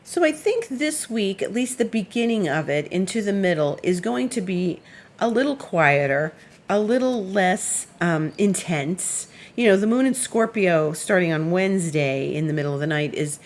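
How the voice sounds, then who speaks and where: A woman's voice: on the low side, lively intonation, moderate pace. A woman astrologer giving a casual weekly forecast, chatty and meandering, who laughs while telling stories.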